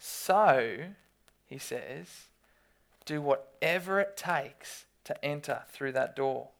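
A preacher, giving a sermon with animated storytelling and quick restarts. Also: mid-range voice, gravelly.

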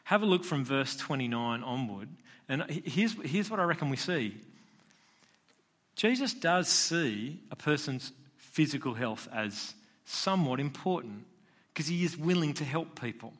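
A man's voice: on the high side, expressive, unhurried, a bit bright. A man preaching a sermon in a conversational style, posing rhetorical questions to his listeners. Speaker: pastor.

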